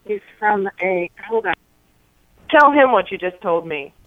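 A woman's voice: medium pitch, lively intonation, measured pace, no echo. A woman on a phone call, curt and indignant. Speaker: prank call victim. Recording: tinny phone line.

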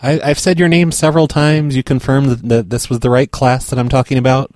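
A man making a prank phone call, pushy, rude and deadpan. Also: medium pitch, a little fast, dry recording. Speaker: prank caller.

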